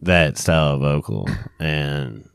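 A man's voice: rumbling low, expressive, takes it slowly, creaky, smooth, no echo. A man co-hosting a casual podcast, joking bluntly with some profanity. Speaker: podcast co-host. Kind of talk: casual chat.

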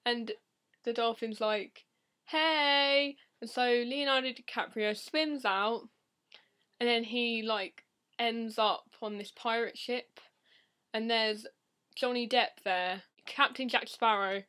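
Teenage woman, casual vlog, deadpan and silly, rambling talk, slightly high voice. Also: slow pace. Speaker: vlogger.

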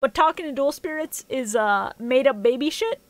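A woman's voice: high-pitched, lively intonation, normal speed, no room sound. Sarcastic woman recapping an anime. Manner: sarcastic, joking, swears casually. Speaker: podcast co-host. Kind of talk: casual recap chat.

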